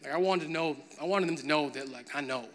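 A man's voice: a little high, fast talker, a bit bright. A man preaching a sermon, moving from a conversational tone to emphatic, building preaching. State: briefly choked up with emotion.

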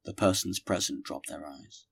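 A man reading a classic novel aloud as an audiobook, measured and steady. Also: deep voice, vocal fry, breathy edge. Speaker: audiobook narrator. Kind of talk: scripted audiobook narration.

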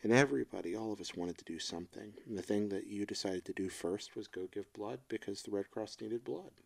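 Gravelly low-voiced reflective man. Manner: reflective, emotional, halting. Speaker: podcast co-host. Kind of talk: casual chat.

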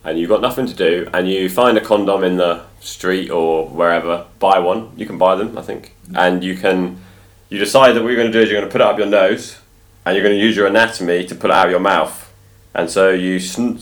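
A man, co-hosting a casual comedic podcast with dry, deadpan jokes. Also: deep voice, a little fast. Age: 20s. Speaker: podcast co-host.

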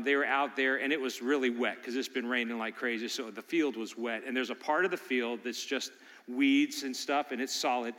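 An older man preaching a sermon, shifting between loud urging and soft storytelling. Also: mid-range voice, big-room sound. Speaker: pastor.

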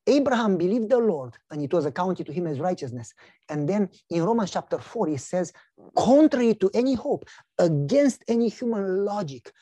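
Animated woman preaching a parable. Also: husky, dry recording. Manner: animated storytelling, voices characters with big pitch swings. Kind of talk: sermon with acted-out parable.

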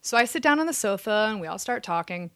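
A woman's voice: mid-range voice, fast talker, no echo. A woman in her thirties casually telling a personal story, acting out what people said. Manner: animated storyteller acting out quotes. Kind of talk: casual anecdote.

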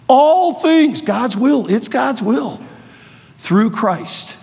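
A man in his sixties preaching an energetic sermon to students in a large auditorium, joking playfully and bursting into shouts. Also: extremely high pitch, takes it slowly, gravelly, breathy edge. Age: 60s. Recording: long reverb of a large hall.

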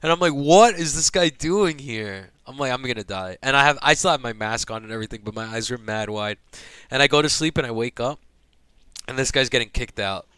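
Young man, casual storytelling, profane, animated, smooth clear voice, dry close sound. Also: medium pitch, fast talker, no echo. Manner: profane, animated, acts out quotes. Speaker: podcast guest telling a hospital story.

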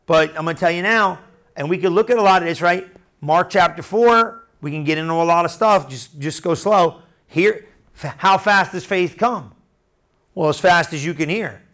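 A man's voice: a little high, moderate pace. A man preaching a sermon in a loose, conversational way, often restarting phrases and asking the room if they follow. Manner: conversational, animated, repeats and restarts phrases, asks the room questions.

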